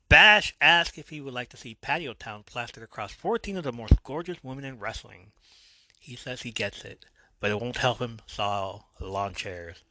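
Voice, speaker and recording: A male podcast host walks through an episode in loose, casual recap mode. His voice is bright and forward, recorded dry and close. He breaks off into jokey asides and corrects himself as he goes. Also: medium pitch, dry recording. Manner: joking asides, self-correcting.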